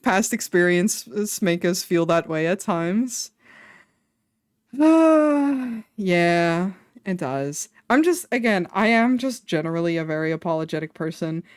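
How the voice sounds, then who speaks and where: A woman's voice: on the low side, animated, unhurried, clear, resonant tone, no room sound. Chatty woman streamer, dry close mic. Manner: chatty and self-deprecating, laughs often. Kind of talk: casual livestream chat.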